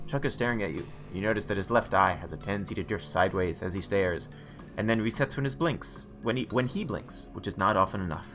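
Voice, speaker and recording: A man's voice: sits low, quick pace, fairly bright tone, soft background music. A man streaming a video game, reading its narration aloud with relish and making playful comments. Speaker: let's play streamer.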